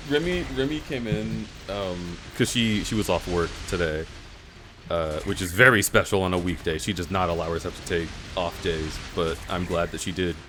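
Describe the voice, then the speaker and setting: A man chatting casually on a live stream, telling stories with lots of laughter and jumping up high in pitch whenever he quotes someone. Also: moderate pace, noisy background. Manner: animated storyteller, laughs often, jumps high in pitch when quoting others.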